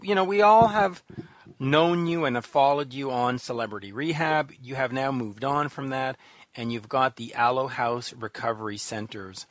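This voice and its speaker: A man's voice: mid-range voice, moderate pace. A Canadian man hosts a radio interview with an upbeat, chatty manner and a mid-range voice. He sounds close to the mic, with dry studio sound and no room echo. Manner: upbeat, chatty, effusive in introductions. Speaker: radio host.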